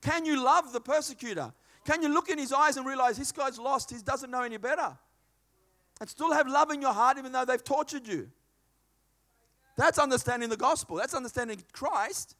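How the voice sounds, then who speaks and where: A man's voice: very high-pitched, moderate pace. A middle-aged man preaching a sermon, telling stories with acted-out dialogue. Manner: animated storytelling, acts out dialogue in a hushed voice.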